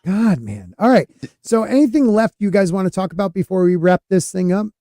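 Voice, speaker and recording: A man's voice: sits high, expressive, a little fast, mellow, no echo, studio quality. A man hosting a podcast panel in casual chat, joking and steering the talk. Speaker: podcast host.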